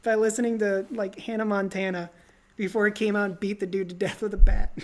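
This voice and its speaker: A giggly woman co-hosting a casual film podcast. She talks at an everyday pitch and keeps breaking into laughter. Now and then she drops into silly voices to quote movie lines. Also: flat delivery, brisk, a little mellow. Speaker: podcast co-host.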